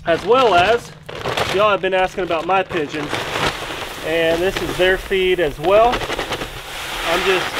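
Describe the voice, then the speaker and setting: A middle-aged man with a fairly high voice speaks in a loose, folksy, rambling way. He films a casual outdoor vlog on a rural property, and faint ambient noise sits behind him. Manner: folksy and rambling, talks to his pet duck. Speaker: duck-hunting guide and vlogger.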